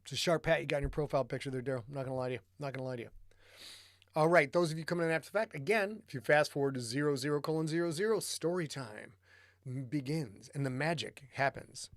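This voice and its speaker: Guy hosting a live stream, gravelly kinda high voice, dry close mic, chatty w/ viewers. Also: fast talker, no room sound. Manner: chatty, greets viewers by name, mutters to himself. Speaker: podcast host. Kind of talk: casual livestream chat.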